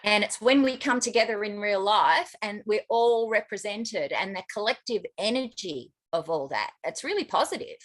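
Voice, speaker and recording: A woman's voice: mid-range voice, expressive, normal speed, few pauses. An Australian woman co-hosting a podcast in casual chat, with chatty, self-mocking asides. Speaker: podcast co-host.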